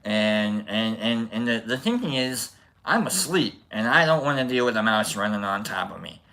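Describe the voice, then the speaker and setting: A man hosting a livestream, telling a story casually to his chat in an animated, rambling way with restarts. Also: lowish voice, normal speed. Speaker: livestream host.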